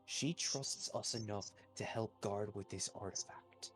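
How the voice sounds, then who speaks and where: A man playing a tabletop role-playing game, arguing in character in a blunt, profane and forceful way. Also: on the low side, a little slow, faint music behind.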